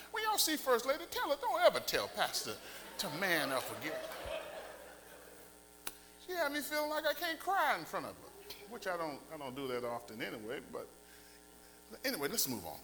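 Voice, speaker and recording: A middle-aged man preaches to his congregation in a church, loose and colloquial, building up to near-shouts. His voice sits high and bright and leaps all over the place in pitch. A faint electrical hum runs under the recording. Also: big pitch swings, moderate pace, rough recording. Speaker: pastor. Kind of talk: sermon. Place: church sanctuary.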